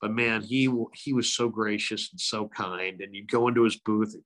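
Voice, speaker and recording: A middle-aged man, a sports radio broadcaster, telling lively stories as an interview guest. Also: lowish voice, moderate pace, hardly any pauses. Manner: animated anecdotes, frequent impressions. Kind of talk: casual interview storytelling.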